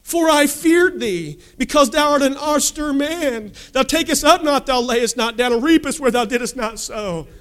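A whiny lazy servant pleads his excuses in a raised, nasal-sounding whimper, as a male preacher puts him on during a sermon. The voice climbs higher than the preacher's own and drags slowly. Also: a bit bright. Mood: whining.

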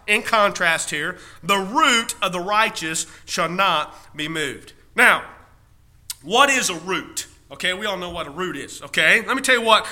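High, bright, emphatic male preacher. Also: expressive. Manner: emphatic, rhetorical questions, repeats key phrases; drawn-out punch words. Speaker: pastor. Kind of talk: sermon.

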